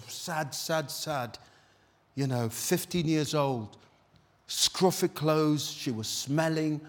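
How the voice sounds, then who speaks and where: A British man preaching a sermon at a church service in an exclamatory, rousing way, calling out to the congregation. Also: mid-range voice.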